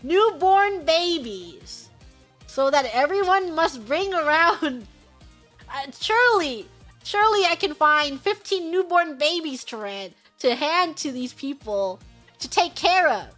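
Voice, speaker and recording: Young woman streamer, high bright voice, giggly and bubbly, reading superchats over faint music. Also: expressive, slow. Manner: bubbly, giggly, sings snatches of songs. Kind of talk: casual livestream chat.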